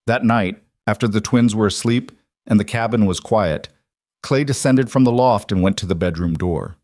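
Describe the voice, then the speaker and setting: Low-voiced male story narrator. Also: normal speed, darkish tone, dry recording, studio quality.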